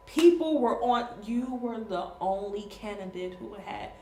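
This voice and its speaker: A woman's voice: on the high side, a little slow. A woman telling stories animatedly in a casual chat, laughing often and acting out what others said. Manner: lively, laughs often, acts out quotes. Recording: echoey room with faint noise.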